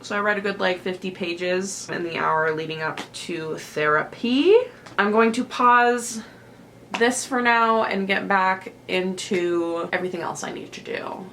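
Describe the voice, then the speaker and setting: A young woman talks casually through her reading vlog, chatty and unfiltered with the odd swear word. Her voice has a gravelly, fried edge. A faint hiss sits under the home recording. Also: mid-range voice, measured pace, a bit bright. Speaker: book vlogger.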